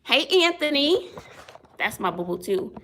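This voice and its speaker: Woman, teacher, casual livestream chat, higher voice, bright tone, laughs a lot, talks into a phone. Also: sing-song, a little slow, a little hiss or hum. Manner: chatty, laughs often, greets viewers mid-story.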